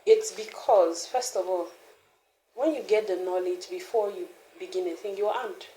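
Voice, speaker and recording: A woman in an interview, candidly telling a personal story with frequent laughter and animated restarts. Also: lowish voice, moderate pace, roomy sound, slight background noise, poor audio. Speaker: founder of a mothering community, interview guest.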